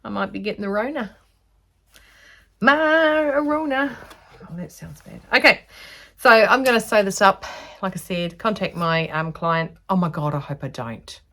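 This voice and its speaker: A woman's voice: mid-range voice, moderate pace, sharp tone. An Australian woman chatting casually as she teaches sewing, rambling between topics. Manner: rambling, chatty, self-aware. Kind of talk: casual chatty tutorial vlog.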